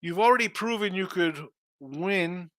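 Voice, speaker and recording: With a high, slightly bright voice, this man hosts a sports betting show, tossing off sarcastic, casual remarks while reading viewer comments on the live stream. He's brash and fast-talking, and the studio-quality audio has no echo.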